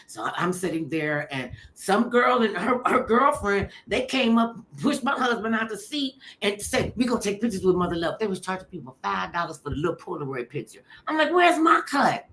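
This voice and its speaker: A middle-aged woman hosting a chat, telling funny stories in an animated way and acting out what people said. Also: deep voice. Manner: animated, laughing storyteller who acts out quotes. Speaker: show host. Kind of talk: storytelling chat.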